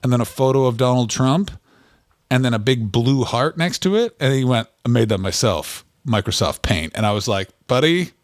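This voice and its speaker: Man, comedy podcaster, deadpan, absurd riffs, dry room. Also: medium pitch, no room sound. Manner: deadpan absurd riffing, jumps into silly voices. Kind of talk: casual comedic banter.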